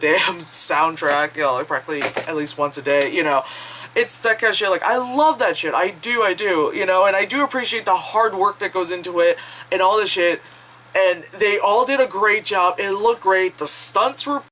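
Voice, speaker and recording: A woman's voice: mid-range voice, fairly bright tone, poor audio. A woman chatting casually in a vlog, rambling, swearing freely and laughing often. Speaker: vlogger.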